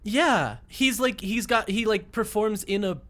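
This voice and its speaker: A man's voice: high voice, a little slow, a crowd in the background. A young man co-hosting a casual podcast chat, rambling and laughing often as he restarts his sentences. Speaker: podcast co-host.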